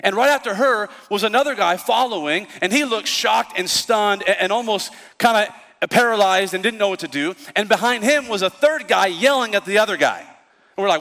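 Animated man preaching in a hall. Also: high voice, normal speed. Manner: storytelling, animated, acts out voices. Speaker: pastor. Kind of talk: sermon. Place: church.

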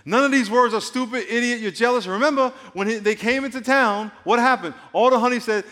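A pastor from New York preaching a sermon, swinging between hushed asides and emphatic outbursts, and slowing down to stress scripture readings. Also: male voice, very high voice. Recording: long reverb of a large hall.

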